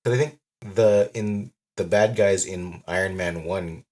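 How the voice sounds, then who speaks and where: Deep husky man chatting casually. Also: measured pace, darkish tone. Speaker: podcast co-host. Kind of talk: casual chat.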